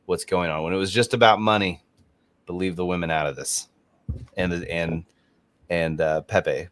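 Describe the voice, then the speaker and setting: A man's voice: low-pitched, steady tone, moderate pace, a bit bright. A man hosting a podcast, chatting casually about an old movie, laughing often and making jokey asides. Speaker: podcast host.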